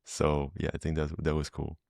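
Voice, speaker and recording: A man's voice: very deep voice, monotone, normal speed, creaky, darkish tone, no echo, studio quality. A French man hosting a podcast interview, chatting casually in English with a French accent and many fillers. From France. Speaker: podcast host. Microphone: video call.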